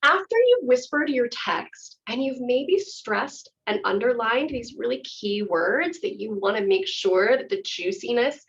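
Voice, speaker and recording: A woman's voice: on the high side, lively intonation, a little slow, vocal fry, hardly any pauses. A woman acting teacher giving a chatty, enthusiastic workshop explanation. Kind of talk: workshop instruction. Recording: dull lo-fi audio.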